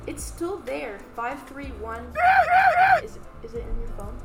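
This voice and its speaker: A woman co-hosting a podcast in a casual group chat, giggly and excitable, teasing her friends. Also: sits high, measured pace, gravelly, shouting, loud music behind the voice. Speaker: podcast co-host.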